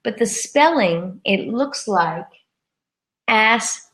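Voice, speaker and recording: A woman gives a live English lesson at a slow, unhurried pace. She says words carefully and repeats each one for her learners, in a voice of middling pitch. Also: lively intonation, a bit bright. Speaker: English teacher. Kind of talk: live-streamed grammar lesson.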